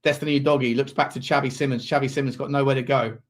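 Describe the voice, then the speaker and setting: A man hosting a live football watchalong, calling the match and chatting to viewers, with sudden loud shouts when chances come. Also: mid-range voice, very fast. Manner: excitable, shouts at big chances, chats to viewers.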